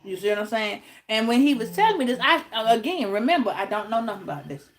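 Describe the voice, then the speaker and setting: A woman's voice: on the high side, big pitch swings, fast. A woman tarot reader telling a story in a casual, emphatic way. She repeats her points and swears freely.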